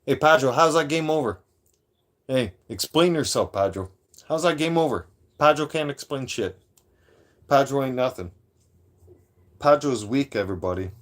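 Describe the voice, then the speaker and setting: Aggressive, profane streamer. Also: male voice, mid-range voice, expressive, moderate pace, pauses often, fairly bright tone. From Toronto, Canada. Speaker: live streamer. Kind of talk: live-stream rant.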